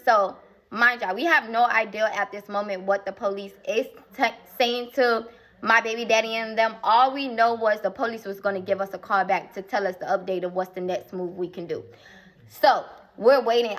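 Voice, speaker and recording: A woman's voice: medium pitch, sharp tone. A young woman telling a personal story in a casual vlog, emphatic and talking straight to her viewers with repeated asides.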